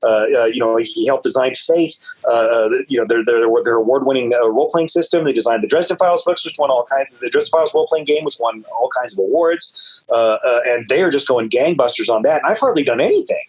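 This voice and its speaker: A man guest on an interview show, telling stories in a loose, rambling way with many "uh"s and repeated words, and lively jumps in pitch when he quotes people. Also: fast, husky, low-quality recording. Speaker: guest author. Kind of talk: casual interview storytelling.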